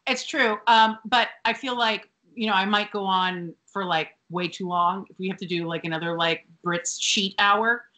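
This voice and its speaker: A woman's voice: medium pitch, steady tone, moderate pace, few pauses, bright, forceful tone. A woman co-hosting a podcast, chatting casually and joking dryly, with lots of "like" and "um". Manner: dry joking, fillers like "like" and "um". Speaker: podcast co-host. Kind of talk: casual recap chat.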